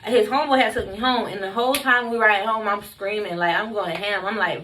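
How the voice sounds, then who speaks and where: A woman's voice: medium pitch, steady tone, fairly quick, few pauses, pushed and bright. A young woman telling a story on her vlog, blunt and emphatic, cursing constantly. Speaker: vlogger.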